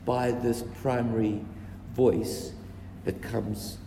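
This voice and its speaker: A man's voice: medium pitch, flat delivery, takes it slowly, creaky, mellow, a little hiss or hum. A man preaching a sermon, stressing and repeating his key phrases. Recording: echoey hall with faint ambience.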